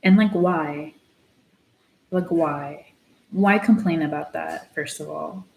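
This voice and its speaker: Low-voiced woman ranting casually. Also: takes it slowly, vocal fry, darkish tone, slight background noise, rough recording. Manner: ranting, profane, blunt; drops into Spanish phrases. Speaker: artist vlogger. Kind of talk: casual chat while painting.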